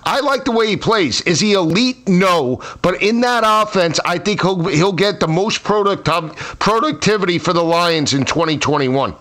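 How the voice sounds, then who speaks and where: Bright-voiced male sports analyst. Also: high-pitched, lively intonation. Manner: measured, with filler words such as "I mean". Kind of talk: sports talk radio discussion.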